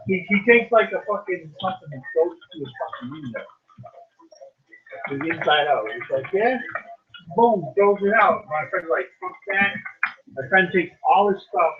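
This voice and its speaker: High-voiced man telling a rambling story. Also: moderate pace, narrow, tinny audio. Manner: rambling, profane, animated retelling with quoted voices. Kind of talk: casual storytelling chat.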